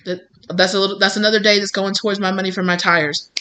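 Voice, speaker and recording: A woman gives a relaxed tarot reading straight to her viewers, sounding encouraging and chatty. Her voice is bright and clear in the middle of its range, and she talks in loose, reassuring bursts with plenty of fillers. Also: medium pitch, fast talker. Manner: encouraging, calls listener babes, many fillers. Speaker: tarot reader.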